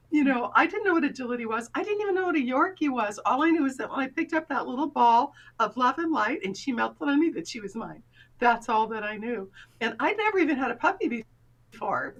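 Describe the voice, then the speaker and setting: Brief: middle-aged woman coach, high bright voice, animated anecdotes with acted-out voices. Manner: animated, acts out quoted voices. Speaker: guest confidence coach. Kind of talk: storytelling in a casual interview.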